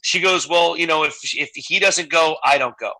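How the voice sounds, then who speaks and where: Man, forties, very bright tone, slightly high, dry close sound, candid emotional storytelling. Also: normal speed, dry recording, low-quality recording. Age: 40s. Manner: candid, emotional, animated storytelling with quoted dialogue. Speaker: guest entertainer. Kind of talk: casual interview chat.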